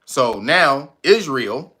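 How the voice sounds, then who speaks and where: A man hosting casual political commentary, profane and animated, laughing often. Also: mid-range voice, very slow, husky. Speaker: commentary channel host.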